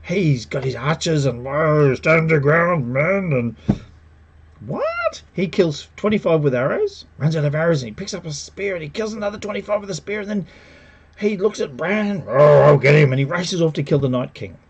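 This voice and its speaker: A man giving a casual, sarcastic spoken review, animated and mocking the characters as he retells scenes. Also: a little high, a little fast, slightly rough, lo-fi sound. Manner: animated, sarcastic, mocks characters with put-on quotes. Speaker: TV show reviewer.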